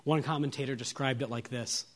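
A man preaching an expository sermon. He asks his listeners rhetorical questions and moves from soft, low lines to raised, emphatic ones. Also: steady tone, fairly quick. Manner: lingers on single words for weight.

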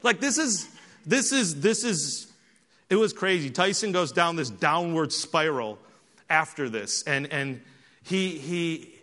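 A man preaching a sermon, telling a story with animated delivery and frequent restarts. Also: a little high, slow pace, big-room sound. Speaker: pastor.

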